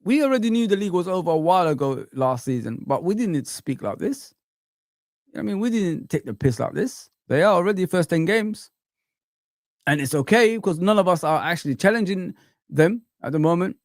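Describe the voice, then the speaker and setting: A man hosting a live chat stream, ranting in an animated, exasperated way with repeated phrases. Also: sits high, brisk, dry recording, studio quality.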